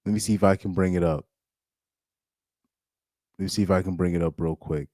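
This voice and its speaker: A man's voice: low voice, steady tone, a little fast, a little mellow, no echo, studio quality. A man hosting a casual live stream, reacting to a football game and laughing often as he rambles. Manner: laughs often, loose and rambling with many restarts.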